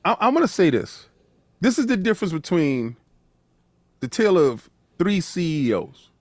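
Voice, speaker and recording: A man's voice: sits high, normal speed, no echo. A man hosting a podcast, ranting emphatically with many restarts in a casual conversation. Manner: emphatic, animated, repeats words when starting a sentence. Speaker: podcast host.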